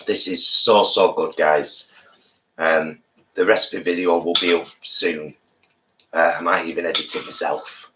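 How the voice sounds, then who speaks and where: Man, co-host of a live-stream meal chat, low bright voice, jokey and warm-hearted. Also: flat delivery, a little slow, slight background noise. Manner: playful, jokey, affectionate. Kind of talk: casual live-stream chat while eating.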